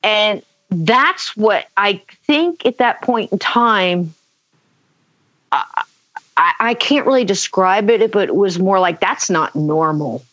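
A woman telling a personal story in conversation, animated, acting out quotes, with many fillers. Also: mid-range voice, slow pace, no room sound. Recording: dull lo-fi dry sound.

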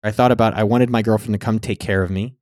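A man's voice: fairly low pitch, fairly even intonation, fast, darkish tone, no room sound, clean studio sound. A man vlogging in a casual storytelling style. He speaks candidly, swears freely, and acts out his own past words.

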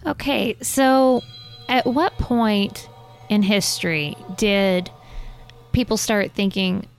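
A woman's voice: mid-range voice, slow pace, faint music behind. A woman co-hosting a podcast, asking curious, blunt questions in casual chat. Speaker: podcast co-host.

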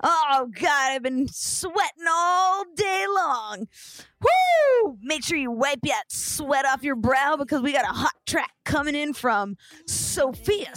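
A woman's voice: high voice, a bit bright, full character voice. A woman putting on a hammy, hyped radio DJ voice.

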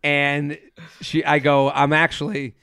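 Guy cohosting a chat, lively storyteller, kinda high smooth voice, dry close sound. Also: slow, dry recording. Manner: animated storytelling, acting out quotes, swearing. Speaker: podcast co-host. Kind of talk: casual chat.

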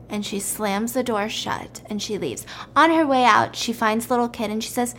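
A woman chattily retelling a film plot to a friend, animated and checking in with her listener. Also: a little high, normal speed, hardly any pauses, a little hiss or hum.

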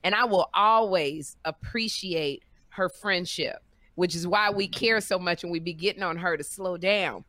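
Bright sharp-voiced woman, comedian on a podcast, animated storyteller, dry close mic. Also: a little slow, no echo. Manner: animated, acts out quotes with big pitch jumps. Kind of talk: casual storytelling chat.

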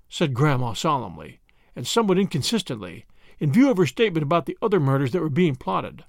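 Guy narrating an old story aloud, bouncy pitch, dry mic. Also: big pitch swings, fairly quick, vocal fry, no echo. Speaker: audiobook narrator.

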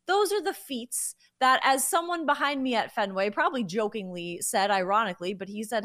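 A woman co-hosts a sports talk show, telling the story of a play with animated enthusiasm. Her voice sits a little high. The sound is close and dry from a studio mic. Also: a little fast, few pauses, no room sound. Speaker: co-host.

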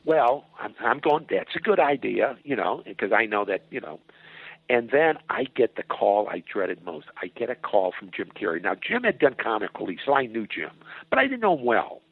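An older man, a comedy writer and producer, telling an animated, profane story as a guest on a phone interview from his home. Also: medium pitch, moderate pace, no echo. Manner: animated, profane storyteller who acts out other people's lines. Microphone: telephone. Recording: tinny phone line, husky and dry.

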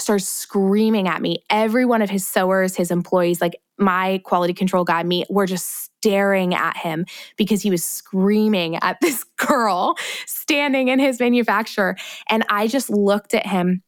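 A woman's voice: medium pitch, a little slow, dry recording, clean studio sound. A woman co-hosting a podcast, casually telling a story and acting out the voices of the people in it. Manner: animated storytelling, acts out quoted voices. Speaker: podcast co-host.

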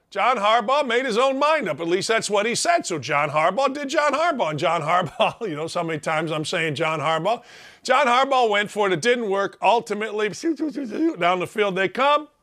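A man hosting a sports talk show, giving an animated, sarcastic monologue that repeats names for emphasis. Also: high-pitched.

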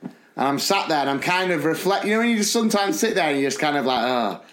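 Guy co-hosting a podcast, fairly high voice, acts out everyone in his stories, roomy echo. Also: animated, quick pace, a bit bright. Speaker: podcast co-host. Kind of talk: casual storytelling chat.

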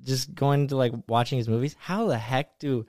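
A young man chatting casually as a podcast co-host, telling stories loosely with quick asides. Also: medium pitch, darkish tone, dry recording, studio quality. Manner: loose storytelling, quick asides, laughing often. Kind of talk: casual chat.

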